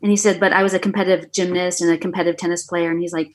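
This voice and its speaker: A middle-aged woman, a guest on an interview show, telling her story with lively energy and acting out the dialogue. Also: fairly low pitch, racing, hardly any pauses, faint music behind. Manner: animated storyteller, acts out quoted dialogue. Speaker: guest, author and former acupuncturist.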